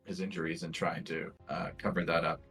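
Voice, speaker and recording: A man's voice: deep voice, little pitch movement, fairly quick, fairly bright tone, faint music behind, rough recording. A man narrating a tabletop game as game master, in a loose, rambling way full of fillers. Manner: loose, lots of fillers and hedging.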